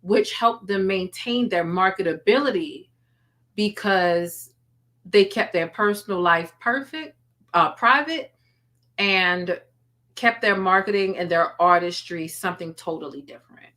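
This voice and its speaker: Bright-voiced chatty woman streamer. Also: medium pitch, a little slow. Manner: chatty, thanks viewers for donations and memberships by name; laughs often, playful teasing. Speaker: YouTube livestream host. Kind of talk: casual live-stream commentary.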